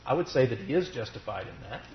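Hoarse preacher man with a cough. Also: medium pitch, animated. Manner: measured, deliberate delivery with slowed emphasis. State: coughing through a cold. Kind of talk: sermon. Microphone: pulpit mic. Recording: roomy, dull lo-fi sound.

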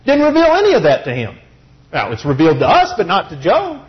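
High-voiced guy preaching, super animated, asks the crowd questions, muffled lo-fi audio. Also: quick pace. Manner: expressive, teaching, rhetorical questions. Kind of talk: sermon.

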